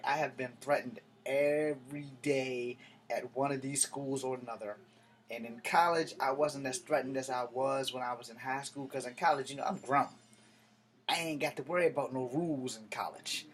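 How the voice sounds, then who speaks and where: A man in his thirties vents straight to his audience, wandering off track as he talks. His delivery is profane and fired up, with a voice of middling pitch. A faint hiss sits under the recording. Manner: profane, heated, digressive street talk. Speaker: vlogger. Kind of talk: casual rambling storytelling to camera.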